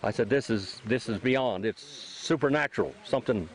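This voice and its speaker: An older man hosting a casual chat outside near a trailhead rambles through his account as a sighting witness, acting out people's words and repeating himself. He speaks in a mid-range voice at a moderate pace, on poor audio.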